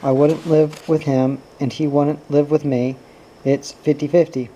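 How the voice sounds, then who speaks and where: A man's voice: fairly high pitch, little pitch movement, a little slow, mellow, a little hiss or hum, close to an everyday voice, rough recording. A man reading the lines of a bitter, guarded young mother, with curt, cutting replies. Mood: cold.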